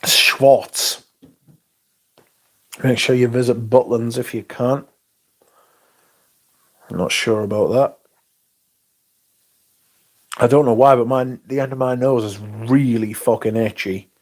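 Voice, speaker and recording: A man's voice: mid-range voice, fairly even intonation, slow, pauses often. A man hosting a casual livestream, reading out viewer comments in a laid-back, rambling way and swearing now and then. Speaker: livestream host.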